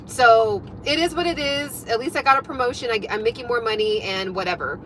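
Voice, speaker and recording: A young woman telling a story to her viewers in a chatty, animated way, full of fillers. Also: on the high side, brisk, a little hiss or hum, poor audio. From United States. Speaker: fitness and life coach.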